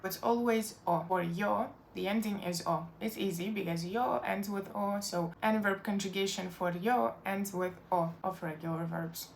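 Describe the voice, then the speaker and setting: Patient woman teaching with slight gravel. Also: medium pitch, moderate pace, few pauses, a little hiss or hum. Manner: patient, explanatory, with fillers like "like". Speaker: Spanish teacher. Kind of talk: online language lesson.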